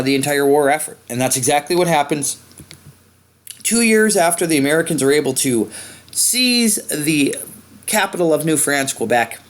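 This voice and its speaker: Man, history teacher, casual lecture, lots of ums and uhs, mid pitch. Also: fairly bright tone. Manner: conversational, many fillers, pointing at a map. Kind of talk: informal lecture.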